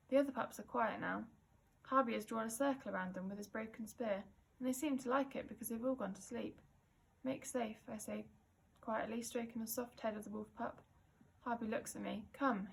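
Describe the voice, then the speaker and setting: A teacher reads a children's novel aloud in a fairly high, gravelly voice. She tells it expressively, going gentle in tender moments and calling out loudly when the action picks up. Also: a little hiss or hum. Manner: expressive storytelling, rising to loud calls in action. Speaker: primary school teacher.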